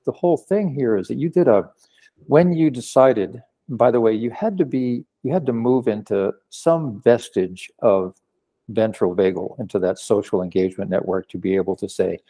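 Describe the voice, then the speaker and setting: A man who is a psychotherapist, explaining ideas in a calm, affirming way during a casual conversation. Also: medium pitch, normal speed.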